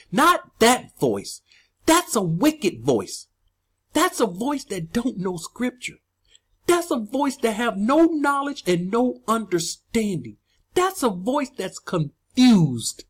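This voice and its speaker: A woman's voice: on the high side, breathy edge. A woman preaching and teaching scripture, emphatic and repetitive, rising on key words.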